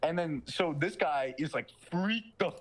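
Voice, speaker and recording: A young man in casual podcast chat, retelling a movie plot with slangy, profane excitement and quick mocking character voices. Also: fairly high pitch. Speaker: podcast co-host.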